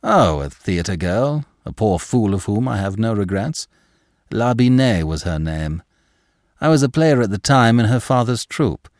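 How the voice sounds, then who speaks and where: A man doing a proud, impassioned young gentleman. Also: on the low side, expressive, unhurried, no echo, clean studio sound. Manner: formal gallantry turning heated and indignant.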